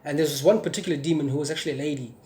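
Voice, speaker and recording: A man's voice: on the high side, steady tone, very fast, warm tone. A young man from South Africa giving a personal testimony in an earnest way, with many fillers and restarts and an occasional stutter. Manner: stutters sometimes. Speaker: testimony speaker.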